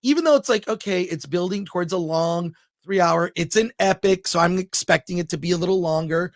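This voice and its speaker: A man's voice: high-pitched, brisk, dry recording. Give me an enthusiastic man reviewing a film in casual chat, with a dry, close sound. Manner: enthusiastic, rambling, thinks aloud. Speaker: film review show host.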